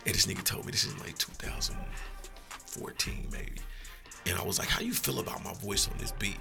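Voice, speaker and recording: A man's voice: lowish voice, sing-song, brisk, gravelly, over music. A man, a rapper guest, telling rambling, profane stories in a laid-back casual way. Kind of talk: casual storytelling.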